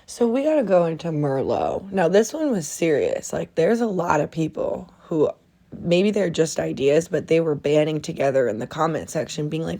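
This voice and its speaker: A woman's voice: low voice, normal speed. Young woman ranting on her podcast, all disbelief, cussing and cracking up. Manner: incredulous, animated, swears, laughs a lot. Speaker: podcast host. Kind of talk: casual solo podcast rant.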